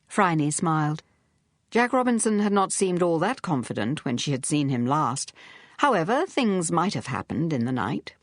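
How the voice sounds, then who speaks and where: Lower-voiced woman narrating an audiobook. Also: very animated, moderate pace, no room sound, studio quality. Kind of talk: scripted narration.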